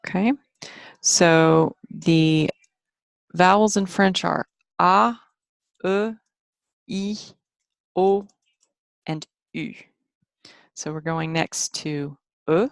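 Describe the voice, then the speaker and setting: Slow, low-voiced woman teaching phonics. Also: vocal fry, no room sound. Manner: patient, slow, repeats sounds for learners. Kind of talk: screen-share phonics lesson.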